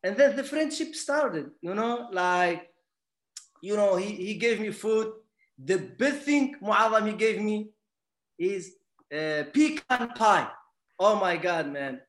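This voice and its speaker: A man with a non-native English accent, telling a personal story in a halting way full of restarts. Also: sits high, lively intonation, fairly bright tone, roomy sound. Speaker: guest.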